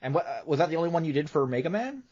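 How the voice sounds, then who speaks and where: A man's voice: fairly high pitch, big pitch swings, very fast, darkish tone. A male podcast host asking questions in a casual interview, often stumbling and repeating words. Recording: dull lo-fi audio.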